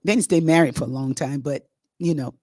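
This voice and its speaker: A middle-aged woman hosting, telling a story to her online audience in a lively, chatty, rambling way. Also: low voice, a little fast, no room sound, clean studio sound. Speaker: host.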